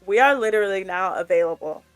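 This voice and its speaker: A woman's voice: mid-range voice, expressive, fast talker, dry recording, faint music behind. Bubbly, effusive woman podcast co-host. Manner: bubbly, effusive, pleading with listeners. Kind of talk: casual chat, sign-off.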